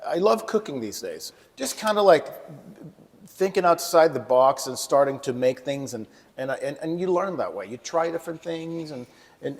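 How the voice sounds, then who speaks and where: A man's voice: mid-range voice, long reverb tail. A man from Sweden with no accent, a guest chatting casually while cooking, telling stories and mimicking voices. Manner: lively storyteller, mimics other voices. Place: kitchen set.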